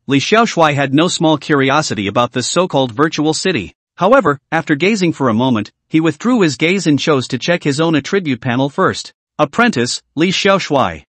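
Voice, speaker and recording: A man's voice: on the high side, a bit bright, no room sound. A man narrating a comic story recap with dramatic storytelling.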